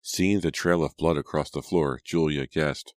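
A man with an extremely low, deep voice narrates a story at a steady, measured pace. The recording is close and dry. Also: no echo. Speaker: audiobook narrator. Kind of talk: scripted narration.

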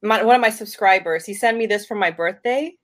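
Woman, podcast guest, casual chat, laughs a lot, middle pitch. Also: brisk. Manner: giggly, laughs often between remarks.

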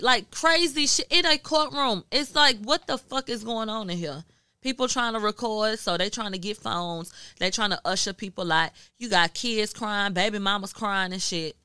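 A woman's voice: mid-range voice, clean tone, no echo. Brash, swearing woman from Houston. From Houston, Texas. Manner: profane, animated storytelling with acted-out quotes. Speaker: guest media journalist. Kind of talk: casual podcast chat.

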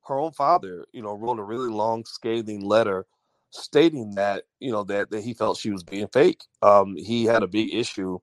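This livestream host, a man, speaks at a normal speed in a lowish voice over a dry recording. He runs an audio-only stream, talks loosely to his chat, reads viewer comments aloud, and often restarts or fills gaps.

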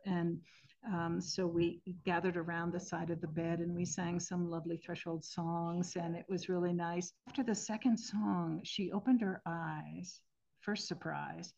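A woman in her sixties speaks as an interview guest, earnest and reflective, often pausing to rephrase. Her voice sits on the low side. The podcast audio sounds a little dull and muffled. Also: gravelly. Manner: thoughtful, earnest, with gentle restarts. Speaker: guest, end-of-life singer.

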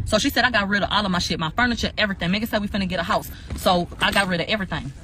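Fast-talking ranting woman, noisy background. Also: mid-range voice. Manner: profane, ranting, animated retelling. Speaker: podcast co-host recapping court testimony. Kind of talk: casual storytelling recap.

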